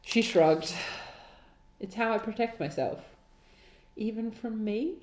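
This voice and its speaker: A woman's voice: medium pitch, takes it slowly, a little mellow. A woman co-hosting a podcast, reading her old writing aloud with exasperated, laughing, sarcastic asides. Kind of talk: dramatic reading with mocking commentary. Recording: roomy echo.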